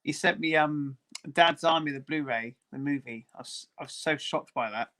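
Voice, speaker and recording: A fairly high-voiced man talks as a guest on a live stream. He chats in a friendly, easygoing way. He laughs often between his remarks. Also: normal speed, fairly bright tone. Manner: chatty, laughs easily, friendly. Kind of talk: casual chat on a live stream.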